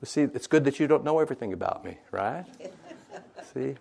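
A man's voice: medium pitch, expressive, normal speed, gravelly, a little mellow, breathy edge. A man giving an informal scripture lesson, chatty and conversational, retelling the story in everyday modern language and often checking in with "right?". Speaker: Bible teacher.

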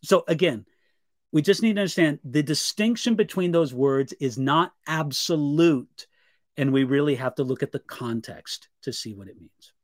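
A male pastor answering viewer questions during a live Bible Q&A, earnest and measured, reading each question aloud before he explains. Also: fairly high pitch, lively intonation, no echo, clean studio sound. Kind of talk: live Q&A teaching.

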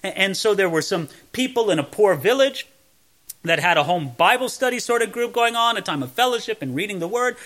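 A man's voice: high-pitched, animated, brisk, fairly bright tone. A man teaching the Bible verse by verse in a conversational way, reading a passage and then explaining it.

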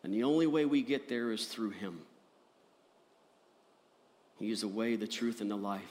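A man preaching a sermon as pastor, earnest, rising to emphatic peaks and dropping soft. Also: fairly low pitch, normal speed.

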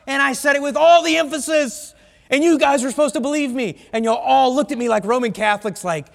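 A man's voice: very high voice, fast talker, creaky, in a large hall. A male pastor from the United States preaching a sermon bluntly, with conversational asides to his congregation. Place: church sanctuary.

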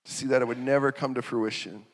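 A man preaching a sermon. He talks in an animated way, laughs, and acts out quotes in sudden loud, high bursts. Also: fast talker. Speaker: pastor. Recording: reverberant hall.

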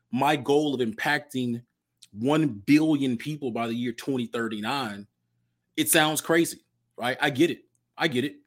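A man hosting his own podcast, giving an upbeat motivational talk and repeating key phrases for emphasis. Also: mid-range voice. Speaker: podcast host and nonprofit founder. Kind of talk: solo podcast monologue.

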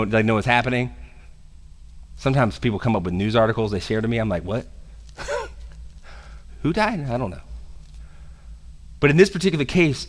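A man preaching a sermon as pastor, animated and conversational, slipping into casual slang. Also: medium pitch. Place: church sanctuary. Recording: long reverb of a church hall.

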